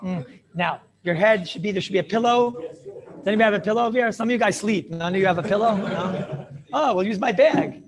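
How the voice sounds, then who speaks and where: A man teaching a lively Torah class as a rabbi, playful and theatrical, mixing in Yiddish and Hebrew terms. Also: high-pitched, fairly quick, roomy sound, a crowd in the background.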